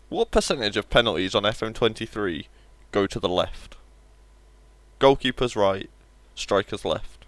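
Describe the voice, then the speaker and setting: A man's voice: on the low side, animated, normal speed, no echo. A man streaming a game live, chatting casually with viewers in a wry, joking way and swearing offhandedly. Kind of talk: casual live-stream chat while gaming.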